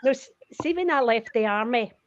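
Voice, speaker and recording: A woman's voice: a little high, expressive. An older Scottish woman, retired career coach, chatting and telling stories as a guest on a video call. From Scotland. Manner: chatty, storytelling, quick to laugh. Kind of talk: casual chat on a video call. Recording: muffled lo-fi video call audio.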